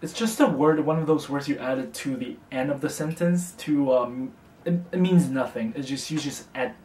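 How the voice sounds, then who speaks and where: A young man teaching a casual beginner language lesson, speaking slowly and patiently and repeating phrases for the learner. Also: medium pitch, a little mellow, distant mic. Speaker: language tutor. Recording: echoey room, voice from off the mic.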